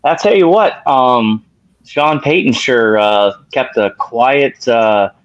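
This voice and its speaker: A man's voice: medium pitch, slow pace, no room sound, dull audio. A man who is a guest on a casual sports talk show, talking away from the mic and rambling with fillers and self-corrections.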